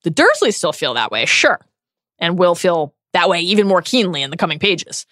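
A woman's voice: on the low side, very animated, normal speed, fairly bright tone, no echo, studio quality. A woman co-hosting a book podcast, reading a scripted, earnest and analytical discussion. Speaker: podcast co-host.

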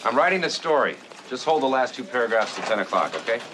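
A wisecracking male reporter, played by an actor in an old film comedy, tossing off offhand, deadpan quips. His pitch swings lively and loose. Steady background noise sits clearly under the clip. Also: fast talker, lightly acted. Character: wisecracking male newspaper reporter, breezy and sly. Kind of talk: 1980s film comedy dialogue.

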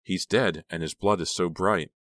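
A man reading an audiobook, voicing an unhinged, possessive teenage girl with shrill, menacing cries. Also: normal speed, fairly bright tone, no room sound. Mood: shocked. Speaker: audiobook narrator. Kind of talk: audiobook character voice.

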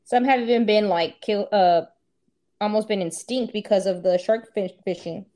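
A woman's voice: mid-range voice, warm tone. A woman co-hosting a casual podcast who talks frankly, teases the others and laughs easily. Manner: frank and teasing, quick to laugh. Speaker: podcast co-host. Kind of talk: casual chat.

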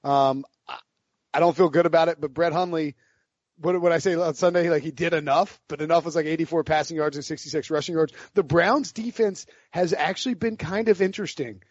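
A man's voice: fairly high pitch, steady tone, fairly quick, no echo. A man from the American South hosting a sports betting podcast, loose and joking in casual chat. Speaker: podcast host. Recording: dry dull lo-fi podcast audio.

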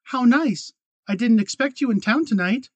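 A man voicing a gentle, anxious young woman in an audiobook; her lines come out soft and pleading. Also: very high voice, animated, takes it slowly, no echo, voice pushed up, exaggerated voice.

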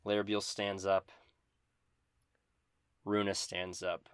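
A man narrating a tabletop game as game master in a grave, low manner. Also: steady tone, takes it slowly, a bit bright, clear, resonant tone, dry recording, studio quality.

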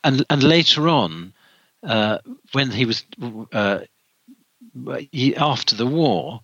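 A man's voice: medium pitch, lively intonation, takes it slowly, fairly bright tone, no echo, muffled recording. A man guest in an interview, telling a story with many restarts and fillers. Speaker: author and guest.

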